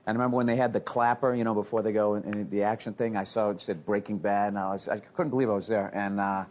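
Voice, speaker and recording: A man's voice: lowish voice, fairly even intonation, quick pace, a little mellow. A man chatting as a talk show guest, friendly and self-deprecating.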